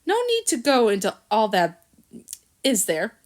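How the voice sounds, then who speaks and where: A woman reading a storybook, voicing a crisp, brisk female dachshund. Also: medium pitch, huge pitch swings.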